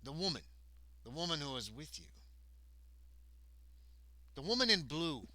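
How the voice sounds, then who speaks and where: A man voicing a stern male captor who questions a prisoner slowly, in a clumsy put-on accent that drifts toward Russian. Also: fairly high pitch, sing-song, sharp tone, dry recording, heavily acted. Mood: menacing.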